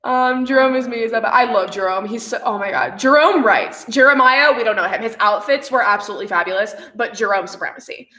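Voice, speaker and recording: A young woman with a high, bright voice chats animatedly on a livestream. She laughs often and swears freely, and her voice rings in a roomy echo. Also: fast talker, few pauses. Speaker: streamer hosting a watch party. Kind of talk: casual livestream chat.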